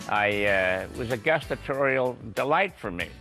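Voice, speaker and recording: An older man telling anecdotes in an interview, chuckling and pausing with frequent uhs. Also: medium pitch, lively intonation, sharp tone, soft background music. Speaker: guest. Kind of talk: storytelling interview.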